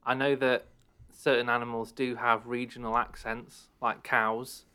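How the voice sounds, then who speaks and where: A man's voice: medium pitch, level tone, measured pace, bright, forceful tone, clean tone. A man co-hosting a casual podcast chat in a wry, teasing manner. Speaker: podcast co-host.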